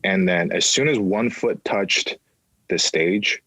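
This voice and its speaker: A man's voice: low-pitched, slow, bright, forceful tone, breathy edge, no room sound, rough recording. A man in his thirties, a podcast guest, telling his personal story candidly, swearing freely and acting out voices of people in it.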